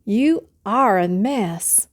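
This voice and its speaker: Lady reading a chirpy folksy housekeeper, bouncy and slow, bedtime storybook. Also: medium pitch, lively intonation. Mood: cheerful. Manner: sing-song, drawn-out, folksy. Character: cheerful literal-minded female housekeeper, young adult.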